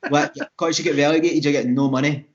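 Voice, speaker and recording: A man, co-hosting a podcast, telling stories in an animated, rambling way. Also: a little high, fast talker. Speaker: podcast co-host. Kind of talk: casual chat. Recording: dull lo-fi audio.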